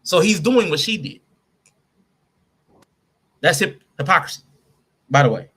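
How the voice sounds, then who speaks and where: Podcast guy picking apart a statement line by line, bright sharp voice, kinda high. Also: a little slow, husky. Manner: animated, breaks down a statement line by line. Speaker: podcast host. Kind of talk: casual commentary.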